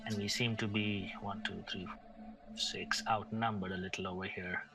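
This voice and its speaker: A man playing in a tabletop game, answering in calm, measured lines with thoughtful hums. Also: on the low side, creaky. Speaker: player. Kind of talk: in-character table talk. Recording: distant mic with music bed.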